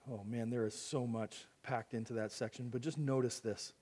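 A man preaching a sermon and reading scripture, emphatic, with casual fillers and restarts, his voice swinging from loud exclamations to hushed lines. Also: fairly high pitch, fairly quick, hardly any pauses.

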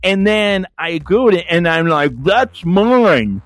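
A man's voice: high-pitched, measured pace. A man hosting a casual podcast chat, telling stories with a lot of energy, acting out other people's voices and swearing freely. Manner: animated storytelling, acts out voices, swears freely. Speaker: podcast host.

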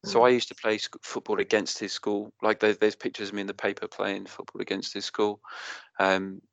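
A Welsh man in his thirties with a fairly low voice chats on a football podcast. He rambles with feeling and tells stories with energy. The sound is dry and close. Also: brisk, vocal fry, no room sound, lo-fi sound. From Wales. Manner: emotional, rambling, animated storytelling. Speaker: podcast co-host. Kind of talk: casual football podcast chat.

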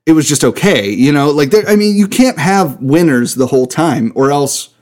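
A man's voice: a little high, expressive, moderate pace, a little mellow. Enthusiastic man co-hosting a chat. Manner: enthusiastic, swears freely. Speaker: podcast co-host. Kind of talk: casual chat.

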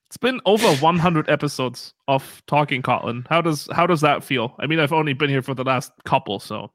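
A man's voice: a little high, expressive, moderate pace, a bit bright. A man co-hosting a podcast in casual chat, laughing easily and bantering playfully. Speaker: podcast co-host. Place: Munich home.

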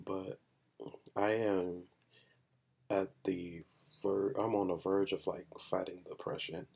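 A man's voice: sits low, little pitch movement, slow pace, gravelly, a little mellow, slight background noise. A young man co-hosting a podcast in casual chat, frank and emphatic, often repeating himself. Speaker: podcast co-host.

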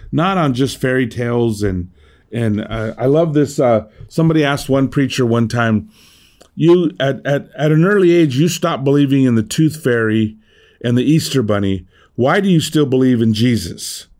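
A man's voice: medium pitch, a little mellow. A man preaching a sermon, in a conversational teaching way, stressing and repeating key points and asking the room "right?". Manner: emphatic, repeats key phrases. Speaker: pastor.

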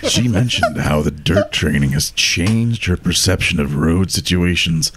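Very deep, slow-reading podcast co-host man. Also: noisy background. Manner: reads emails in a slow, exaggerated put-on voice, laughing often. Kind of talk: casual chat, reading listener emails aloud.

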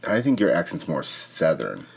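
Very deep-voiced, dry co-host. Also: male voice, wildly swooping pitch, moderate pace, gravelly. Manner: dry, brief teasing replies. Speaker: podcast co-host. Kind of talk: casual podcast chat.

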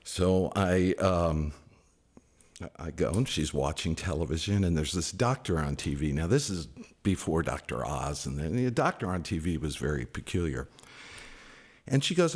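An older man telling a personal story with animation, raising his voice high to quote people. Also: animated, a little slow, a little mellow. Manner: hesitant with fillers. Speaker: caller sharing a tribute. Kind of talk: casual storytelling.

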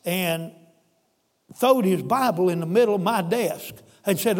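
A man's voice: sits high, measured pace, big-room sound. A male pastor telling a story in a folksy, emphatic sermon. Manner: folksy, emphatic, addresses listeners as brother.

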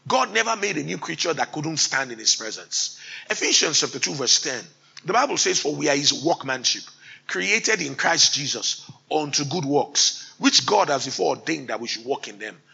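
Gravelly, lively man preaching a sermon. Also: on the high side, moderate pace, poor audio. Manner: rising to loud emphatic exhortation, mimics timid believers.

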